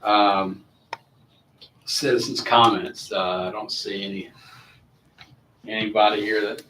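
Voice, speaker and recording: A man's voice: on the low side, level tone, takes it slowly, sharp tone. A man chairing a city committee meeting, friendly, rambling and apologetic. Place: council meeting room. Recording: echoey room, distant mic, faint hiss.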